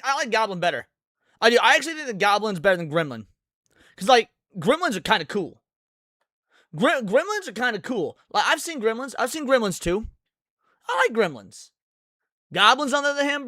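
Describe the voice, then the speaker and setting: Male co-host, high tense voice, excitable chatter, dry close mic. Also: moderate pace, long pauses, no echo. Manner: excitable, rambling. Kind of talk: casual chat.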